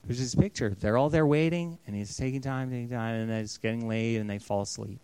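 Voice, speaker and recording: A man in his thirties, a pastor giving an earnest storytelling sermon that often drops to a hush. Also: medium pitch, fairly quick, clean tone, no echo.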